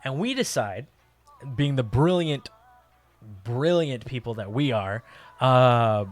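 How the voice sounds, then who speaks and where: A man streamer telling a funny story in a casual, animated way, with many fillers and laughs. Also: mid-range voice, slow pace, soft background music.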